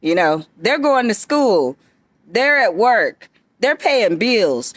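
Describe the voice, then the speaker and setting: A woman's voice: medium pitch, very animated, takes it slowly, dry recording. A woman giving an emphatic, confrontational monologue straight to her viewers. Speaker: vlogger addressing viewers. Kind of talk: direct-to-camera monologue.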